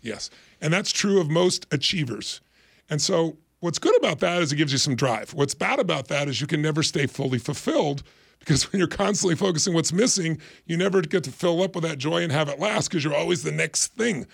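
A middle-aged man, a life strategist appearing as a podcast guest, gives a motivational explanation in an interview, making his points emphatically and acting out little quoted voices. His voice sits on the high side with lively intonation, brisk pacing, creakiness, and a breathy edge, with no room sound.

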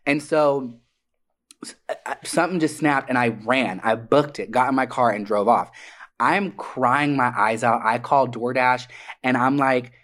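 A man tells personal stories on a podcast in a loose, animated way, swearing freely. He slips into the voices of the people in his stories as he goes, and his pitch sits in an ordinary middle range for a man. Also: a little slow. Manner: animated, profane, acts out quoted voices. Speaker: podcast co-host. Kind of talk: casual storytelling. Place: Atlanta area.

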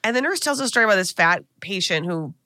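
A woman's voice: medium pitch, animated, fast, sharp tone, dry recording, studio quality. An American woman co-hosting a podcast, retelling a film in casual chat and acting out the characters' lines. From United States. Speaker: podcast co-host. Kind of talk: casual movie recap chat.

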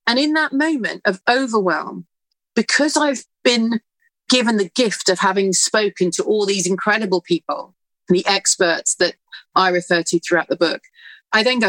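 A middle-aged woman, a presenter and author, telling a lively story about her son and giving calm parenting advice. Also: medium pitch, moderate pace, no room sound, low-quality recording. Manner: lively anecdotal, acting out her own inner voice.

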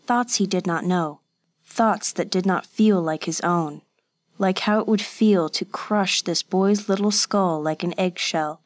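A woman with a fairly low-pitched voice narrates an audiobook, reading scripted narration in a measured, even storytelling manner.

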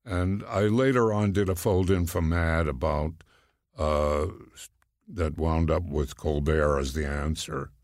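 A man in his nineties, a guest in casual chat, telling stories slowly and haltingly. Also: rumbling low, a little mellow, no room sound, studio quality. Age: 90s. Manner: slow, halting storyteller. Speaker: guest, cartoonist.

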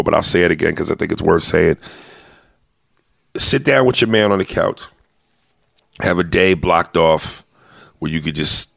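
Deep gravelly male comedian host. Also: fairly bright tone, dry recording, clean studio sound. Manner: rambling, profane, lots of restarts. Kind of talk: casual podcast chat.

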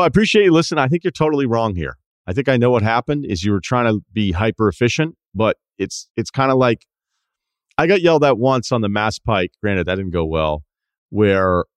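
A man's voice: fairly low pitch, no room sound, clean studio sound. A man hosting a podcast, reading a listener email aloud and adding wry, conversational asides. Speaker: podcast host.

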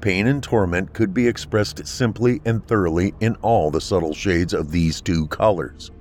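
A man steadily narrating a scripted horror story in a measured storytelling voice. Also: low-pitched, a little mellow.

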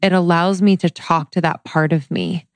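A woman with a very low voice hosts a casual podcast interview. She is enthusiastic and affirming, and the sound is dry and close to the mic. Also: steady tone, moderate pace, no echo. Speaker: podcast host.

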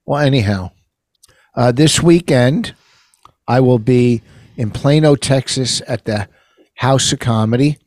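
A comedian co-hosting a podcast, telling rambling stories with stammered restarts in casual chat. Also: male voice, mid-range voice, measured pace, pauses often, a little mellow, dry recording, clean studio sound.

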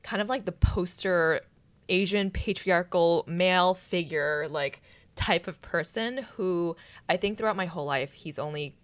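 A woman's voice: on the low side, unhurried, no echo. A young woman in casual chat, telling a story emotionally and laughing, with many "like" fillers. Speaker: host, the bride.

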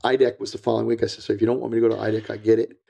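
In a fairly low, gravelly, warm voice, a retired DEA agent talks very fast with a flat delivery. He's a guest in a casual interview, telling blunt, rambling, repetitive stories and acting out what people said to him.

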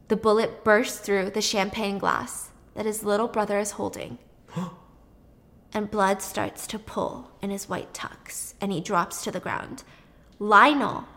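A woman casually retelling a film's plot in an animated, chatty way, swearing freely. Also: medium pitch. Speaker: storyteller. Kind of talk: casual movie plot recap.

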